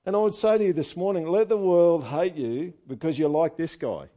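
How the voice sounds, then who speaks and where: Lively Australian man preaching. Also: on the high side, moderate pace. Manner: lively, joking, swings from loud asides to quiet reading. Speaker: pastor. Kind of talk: sermon.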